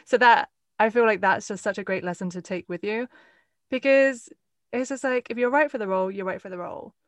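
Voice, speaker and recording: A woman's voice: medium pitch, fairly quick, dry recording. A woman interviewer speaks in a casual, supportive way and restates her guest's points. The recording is dry and close. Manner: encouraging, sums up the guest's points.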